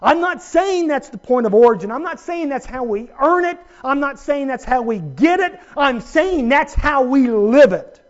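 Man, pastor, high voice, emphatic sermon, playful asides, muffled recording. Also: animated, normal speed, hardly any pauses. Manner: emphatic preaching with humorous asides to the congregation.

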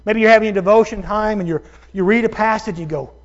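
A man's voice: high voice, highs cut off. A male pastor preaching a sermon, calling his listeners folks and stretching out key words for emphasis. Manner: emphatic preaching with slow drawn-out stresses.

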